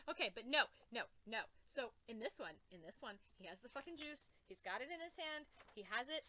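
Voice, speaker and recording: A woman's voice: high voice, sing-song, fast, sharp tone, dry recording. A young woman reacting to comics in an emotional rant, exclaiming, swearing and repeating herself. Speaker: comic book reviewer.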